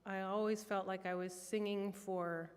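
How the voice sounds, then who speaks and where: A woman telling a heartfelt personal prayer story during a church worship service, soft-spoken and emotional. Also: mid-range voice, little pitch movement, unhurried, clear, resonant tone, long reverb tail. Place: church sanctuary.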